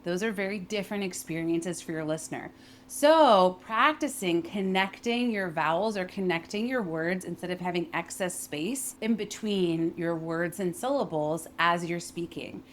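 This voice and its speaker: Young woman voice coach, a bit low-pitched, clear and emphatic, faint hum in the background. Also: expressive, normal speed. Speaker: voice and communication coach. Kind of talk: instructional talk with spoken demonstrations.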